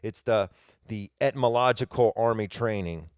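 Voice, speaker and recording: A man's voice: fairly low pitch, normal speed, darkish tone, clean tone, no echo, studio quality. A middle-aged man with a Southern US accent, hosting a podcast in a rambling, chatty, self-deprecating monologue. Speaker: podcast host.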